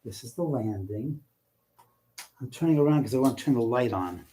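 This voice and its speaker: A man hosting a live ghost-hunting stream from inside his house, grumbling and cursing to himself as he scolds unseen spirits, swinging from sudden loud outbursts to whispered mutters. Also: medium pitch, lively intonation, moderate pace, background noise. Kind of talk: live stream, casual chat. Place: indoors in his own house, moving between rooms and stairs.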